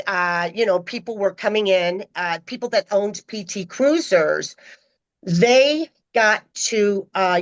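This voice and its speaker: A middle-aged woman, a podcast guest, telling stories in a casual, animated way and acting out the people she quotes. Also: muffled recording. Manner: animated, acts out quoted voices with pitch jumps. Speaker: podcast guest, former personal assistant. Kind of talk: casual storytelling.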